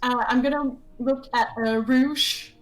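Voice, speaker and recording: A woman's voice: high voice, fairly even intonation, a little slow, poor audio. A woman playing in a tabletop game, talking hesitantly as she decides her moves. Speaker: player.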